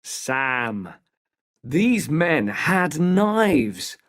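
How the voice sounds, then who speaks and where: A narrator voicing a calm adult male police constable who speaks quietly and with concern. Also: mid-range voice, very slow.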